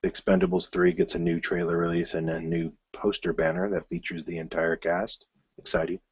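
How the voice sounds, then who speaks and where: A man hosting his own film news show, rambling casually with many fillers and restarts and bursts of excitement. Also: sits low, brisk, husky, dry recording, lo-fi sound.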